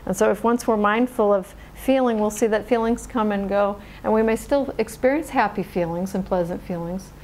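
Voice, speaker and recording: Woman meditation teacher, mid-pitched, calm and unhurried, for a dharma talk. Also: slight background noise, rough recording. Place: meditation center hall.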